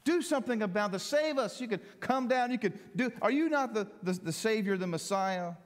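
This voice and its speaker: A man's voice: high-pitched, animated, fairly quick, voice pushed up. A man voicing a mocking male criminal on a cross, with a taunting, pleading delivery. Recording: long hall reverb.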